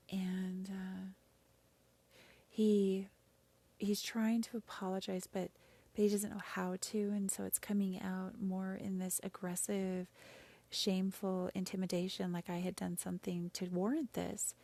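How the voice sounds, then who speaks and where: A woman host telling a personal story in an emotional, halting way, sometimes dropping to a whisper. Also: mid-range voice, mellow. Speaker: podcast host sharing her story.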